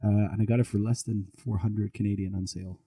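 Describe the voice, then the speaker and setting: A man's voice: on the low side, flat delivery, fast, warm tone, breathy edge. A man co-hosting a podcast, chatting casually and rambling through stories with frequent self-corrections. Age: middle-aged. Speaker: podcast co-host. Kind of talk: casual chat.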